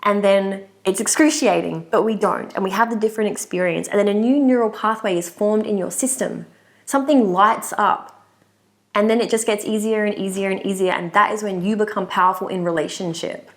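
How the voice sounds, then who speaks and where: A young adult woman with a mid-range voice speaks fairly quickly while co-hosting a relationship podcast. She's a relationship coach talking openly and sincerely in casual conversation, laughing often.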